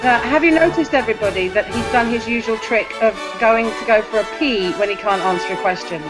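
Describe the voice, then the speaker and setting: A woman with a somewhat high voice keeps pushing the same point across a noisy group chat. Music plays clearly behind her. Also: fairly quick. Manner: persistent, repeating her point. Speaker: voice chat participant.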